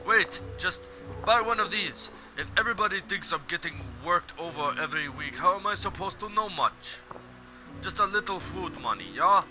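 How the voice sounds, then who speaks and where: A man's voice: high voice, animated, normal speed, music in the background, pitched above the performer's own voice. A man voicing a nervous, wheedling market trader while reading a video game's lines aloud.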